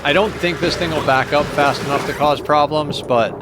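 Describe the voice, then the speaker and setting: A man streaming a game, chatting casually and thinking out loud to his viewers. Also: on the high side, steady tone, moderate pace, very noisy. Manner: chatty, thinks aloud and talks to chat. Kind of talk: casual live-stream commentary.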